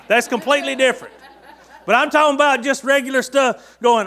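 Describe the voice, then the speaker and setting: A man's voice: very high-pitched, fairly even intonation, fairly quick, pushed and bright. A man preaching a conversational sermon, reading scripture and asking the listeners rhetorical questions. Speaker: pastor.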